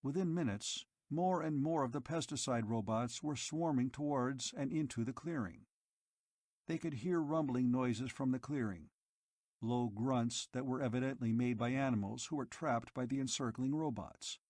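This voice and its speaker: Husky-voiced male storyteller. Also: medium pitch, moderate pace, no room sound, clean studio sound. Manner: expressive storytelling. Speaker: narrator. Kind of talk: scripted audiobook narration.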